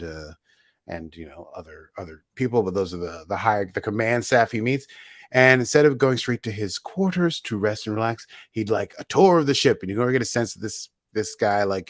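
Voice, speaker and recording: A man's voice: lowish voice, lively intonation, moderate pace, no echo, studio quality. A man co-hosting a casual podcast, recapping a TV episode in a playful, jokey way and sometimes slipping into silly voices. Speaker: podcast co-host.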